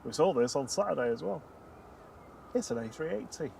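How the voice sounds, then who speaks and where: A man banters and teases while calling out aircraft on an outdoor stream. His voice is slightly high and very animated. He sits well back from the mic, with loud outdoor noise all around. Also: brisk, creaky, distant mic. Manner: jokey, teasing, upbeat. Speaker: plane spotting livestream co-host. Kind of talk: live stream banter and plane call-outs. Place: outdoors at an airport.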